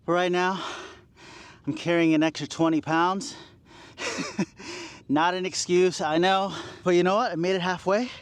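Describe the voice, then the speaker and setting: Forties male vlogger, winded from exercise, self-mocking pep talk, voice on the higher side. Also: fairly even intonation, normal speed, pauses often, smooth, low-quality recording. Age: 40s. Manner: self-deprecating, encouraging himself, sighs and laughs between sets. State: out of breath. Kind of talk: workout vlog talking to camera. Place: outdoors at a beach.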